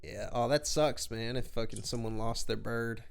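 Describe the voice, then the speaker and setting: A man's voice: medium pitch, normal speed, vocal fry, clear, resonant tone. Laid-back swearing podcast guy. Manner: loose, profane and laid-back, swears constantly. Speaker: podcast host. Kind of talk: casual chat.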